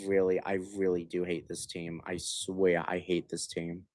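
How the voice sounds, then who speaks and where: A hoarse young man ranting as a sports livestream host, stammering and sighing, swinging between muttered complaints and loud outbursts. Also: sits low, monotone, a little slow. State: hoarse from yelling. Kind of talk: frustrated fan rant on a livestream.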